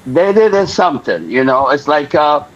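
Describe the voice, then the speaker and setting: A man's voice: on the high side, moderate pace, slight background noise. An older man telling a story in an interview, acting out the voices of the people in it. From Lebanon. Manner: animated, acts out the voices of people in his story. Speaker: interview guest. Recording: dull lo-fi recording.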